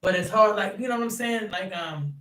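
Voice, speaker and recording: A man's voice: high voice, a little fast, pushed and bright. A young man chats animatedly about coaching kids, laughing often and leaning on fillers. He sits some distance from the mic. His voice carries a noticeable room echo. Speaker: youth basketball coach and third-grade teacher. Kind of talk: casual interview chat. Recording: roomy sound from off-mic.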